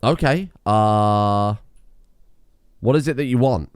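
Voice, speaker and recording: A man's voice: on the low side, takes it slowly, clean tone, no echo. A man streaming a game, giving sarcastic, sweary casual commentary while feeling under the weather. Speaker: gaming streamer.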